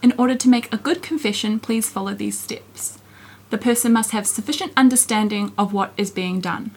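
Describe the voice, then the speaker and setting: Husky woman reciting formal instructions. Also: on the high side, normal speed. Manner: calm, even, liturgical delivery. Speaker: assisting reader.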